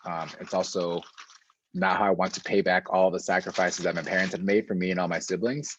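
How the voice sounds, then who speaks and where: A man who works as a school administrator, answering interview questions in a relaxed, casual way with slang and many fillers, heard over a video call. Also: sits low, normal speed, a little hiss or hum. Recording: dull, lo-fi and dry.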